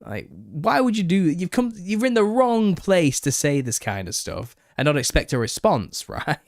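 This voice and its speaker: A man hosting a live Q&A stream, reading viewer comments and answering them with exasperation and laughter, his voice a little raspy. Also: a little high, sing-song, normal speed, no room sound, studio quality. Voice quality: slightly raspy. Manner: reads out chat comments and retorts, exasperated, laughing. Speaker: channel host answering viewer questions.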